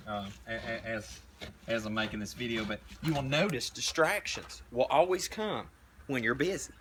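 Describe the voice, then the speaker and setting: A man's voice: mid-range voice, pushed and bright, a little hiss or hum. Rambling Southern young man preaching. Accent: Southern American. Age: young adult. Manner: rambling, blunt, folksy with frequent restarts; painting while talking. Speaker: prepper vlogger. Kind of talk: casual preaching monologue. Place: outdoors at a tiny house build site.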